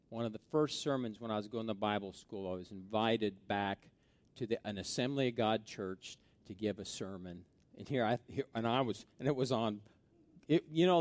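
A middle-aged pastor preaching a sermon and telling stories from his youth, swinging between hushed asides and loud, excited stretches. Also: on the low side, no echo.

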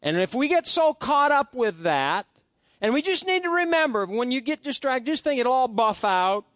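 A middle-aged man delivers a sermon in a high, lively voice that leaps up and down. He tells homey stories with frequent restarts and asides. The sound is dry and close. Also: normal speed, no room sound. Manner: folksy storytelling with many restarts. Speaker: pastor.

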